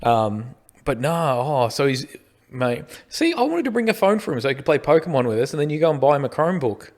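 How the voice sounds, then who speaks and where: A man's voice: fairly high pitch, very animated, quick pace, darkish tone. A middle-aged man with an Australian accent, co-hosting a casual podcast and joking around. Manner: joking, chatty. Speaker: podcast co-host. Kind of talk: casual chat.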